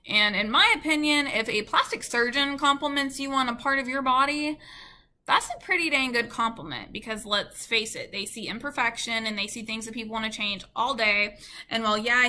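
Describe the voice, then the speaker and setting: A woman with a Southern US accent tells a casual story straight to her viewers. Her voice sits a little high and sounds bright and sharp. She rambles in an easy way, peppering every sentence with "like" and "you know.". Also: a little hiss or hum. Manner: chatty, full of "like" and "you know". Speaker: beauty vlogger. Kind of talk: casual storytime chat to camera.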